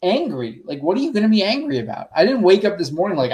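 A man's voice: sits high, big pitch swings, quick pace, a little mellow. A man on a podcast ranting bluntly, swearing often in casual chat.

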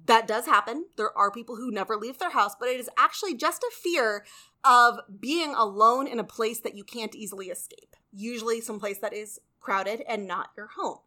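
On the high side and bright, her forceful voice carries a casual, informative podcast segment she co-hosts. She keeps tossing in quick asides and playful jokes.

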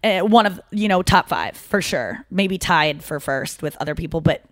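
A woman's voice: lowish voice, normal speed, no echo. Chatty woman podcast cohost, rambly storytelling, dry close mic. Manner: rambling, animated storytelling with self-interruptions. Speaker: podcast co-host. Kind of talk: casual chat.

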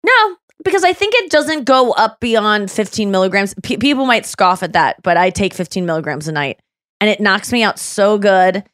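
A woman hosting a loose, chatty podcast in a small studio. Her voice is a bit smoky and worn from the early morning, mid-pitched, and sits dry and close to the mic. She rambles and laughs at herself. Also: expressive, moderate pace, fairly bright tone, dry recording. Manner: chatty, self-deprecating, trails off and restarts. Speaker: podcast host. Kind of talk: casual studio chat.

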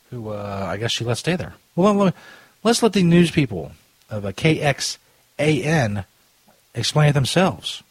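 A man's voice: medium pitch, slightly rough, dry recording. A man hosting a podcast in a stoner Jesus persona, ranting and joking with lots of profanity. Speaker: podcast host. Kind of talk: casual rant podcast.

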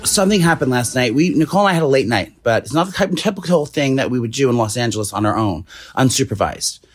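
Fast-talking gossipy man. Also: mid-range voice, animated, soft background music. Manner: rapid gossipy storytelling, acts out quotes. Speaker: podcast co-host. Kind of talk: casual chat, storytelling.

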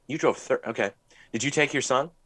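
A man's voice: medium pitch, brisk, pushed and bright, husky, dry recording. A man co-hosting a podcast in casual chat, blunt and emphatic, swearing freely as he gives strong opinions. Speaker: podcast co-host.

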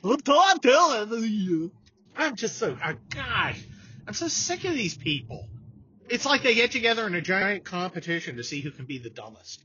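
A man's voice: sits high, big pitch swings, normal speed, pushed and bright, husky. A man hosting a casual political chat show, talking sarcastically and slipping into mocking impressions. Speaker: podcast host. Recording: dull lo-fi sound.

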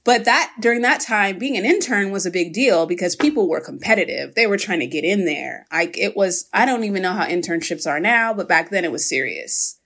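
Animated woman telling a story. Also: mid-range voice, brisk, few pauses. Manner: animated, acts out quoted voices, lively storytelling. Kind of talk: casual storytelling chat.

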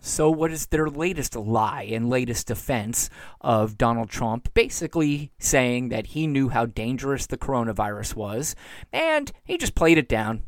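Recorded in a clean studio with no room sound, a medium-pitched man hosts his own podcast. His solo commentary is opinionated, exasperated and sarcastic, and he mocks the people he discusses.

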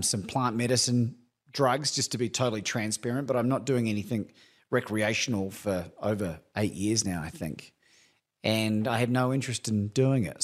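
A middle-aged man, a coach speaking candidly as a guest, animated and laughing often. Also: medium pitch. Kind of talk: candid conversational storytelling.

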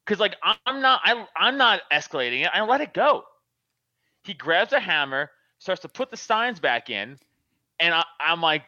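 Animated, laughing man telling a story. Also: fairly high pitch, brisk, no room sound, lo-fi sound. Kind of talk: casual storytelling.

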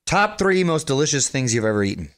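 A man hosting an interview, upbeat, firing quick questions and telling stories with enthusiasm. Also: on the high side, sing-song. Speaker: interview host. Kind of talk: casual interview chat.

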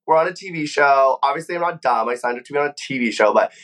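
A man's voice: mid-range voice, quick pace, fairly bright tone. Chatty young man telling backstage stories. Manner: chatty, frequent "like" fillers, acts out quoted voices. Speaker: former reality competition contestant, guest. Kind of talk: casual interview storytelling.

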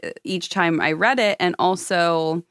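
A woman in a casual book discussion, speaking in a reflective, measured way. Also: fairly low pitch, fairly bright tone, smooth, no echo, studio quality.

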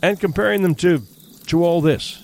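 A man voicing a nervous young hunter in an audiobook, speaking quickly and defensively. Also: sits high, creaky, a little mellow, a little hiss or hum, voice pushed up. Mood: hesitant. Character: young city hunter, nervy. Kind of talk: audiobook character reading.

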